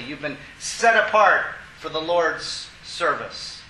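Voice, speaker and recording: A man's voice: a little high, slow, bright, forceful tone, reverberant, slight background noise, rough recording. A man preaching a sermon, reading scripture aloud and breaking off to explain it in an emphatic, exclaiming way. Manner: emphatic, exclaiming, chuckles at asides. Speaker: pastor.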